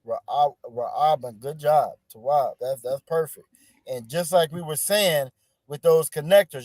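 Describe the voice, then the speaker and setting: A man's voice: on the high side, a little slow, darkish tone, dry recording, studio quality. A man teaching an online class over a video call, encouraging his students and often repeating words.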